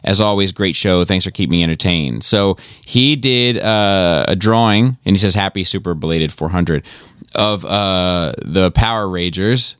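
A man's voice: deep voice, unhurried, a bit bright, clean tone, no echo, clean studio sound. A man co-hosting a podcast, telling a long, profane story in casual chat, full of ums and you-knows. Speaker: podcast co-host.

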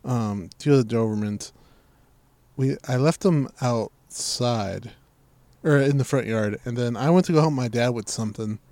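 A young man with a mid-range voice tells a story at normal speed in casual chat, swearing a lot and acting out what people said. The recording is dry, and his storytelling is profane and animated.

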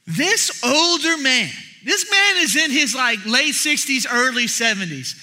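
Bright, high-voiced young preacher. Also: male voice, measured pace. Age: young adult. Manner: animated storytelling, shouting when acting out others. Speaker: pastor. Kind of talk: sermon.

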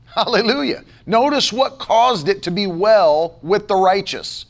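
A man's voice: high voice, measured pace. A man pastor preaching a sermon, emphatic and repetitive, firing off rhetorical questions.

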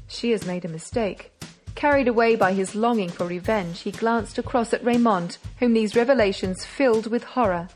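A woman narrating a classic novel as an audiobook, measured and dramatic. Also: a little high, darkish tone, faint music behind.

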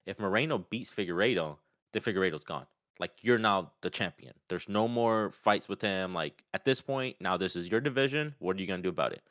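A man talking casually about a fight, often acting out what others said in a raised, lively voice. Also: low-pitched, brisk, hardly any pauses, dry recording, studio quality. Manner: animated, acts out quotes in raised voice. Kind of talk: casual sports chat.

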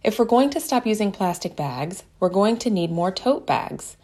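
A woman voicing a caring but firm mother in a children's story, who speaks calmly and deliberately. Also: mid-range voice. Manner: calm, deliberate.

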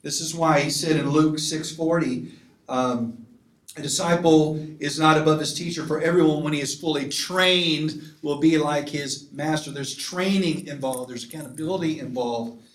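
A man with a fairly high voice gives an emphatic church conference talk. He keeps checking in with the crowd. The sound is roomy and echoey, as in a hall. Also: moderate pace, a bit bright. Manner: emphatic, asks the crowd for assent. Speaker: pastor.

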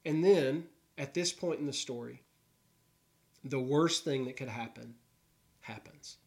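A man's voice: mid-range voice, unhurried, gravelly. A man preaching an Easter sermon, telling a Gospel story earnestly and voicing the characters' thoughts. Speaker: pastor. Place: New York.

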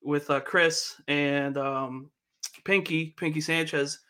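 A man with a bright, forward voice jokes and swears his way through stories on a casual podcast. His voice sits a little high. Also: fairly even intonation, slow pace. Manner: joking, profane storyteller. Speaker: podcast co-host. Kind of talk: casual wrestling podcast chat.

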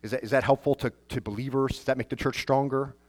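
A man's voice: mid-range voice, steady tone, fast. A man, a pastor, preaching a sermon in a conversational way, asking rhetorical questions and often restarting his phrases.

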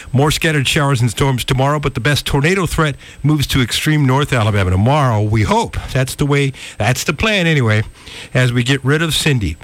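A man giving a live weather update on the radio, slightly out of breath and halting, full of ums and uhs. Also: medium pitch, fairly bright tone. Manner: hesitant, lots of ums and uhs. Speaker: weather forecaster.

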